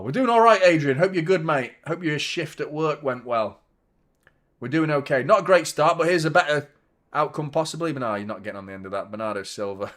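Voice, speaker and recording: Chatty lad reacting to football. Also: male voice, a little high. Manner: chatty, swears, shouts in outrage at fouls. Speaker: football watchalong host. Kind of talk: live match reaction commentary.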